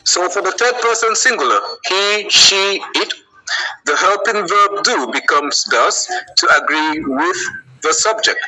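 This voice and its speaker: A man teaching English grammar to a student, patiently checking in with "okay?" and reading example sentences slowly and clearly. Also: high-pitched, expressive, bright, forceful tone, rough recording. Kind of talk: live English grammar lesson.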